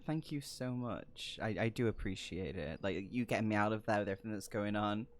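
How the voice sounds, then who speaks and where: A man voicing a nervous young woman passenger who talks softly and hesitantly. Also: fairly low pitch, a little fast, natural voice. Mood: shaken. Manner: hesitant, soft-spoken.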